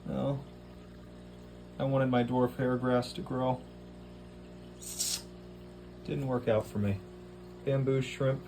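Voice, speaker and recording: A man's voice: mid-range voice, fairly even intonation, slow, pauses often, noisy background. Rambling man chatting to his fish. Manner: rambling, talks to his fish, swears casually. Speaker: home aquarium keeper. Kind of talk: casual vlog chat.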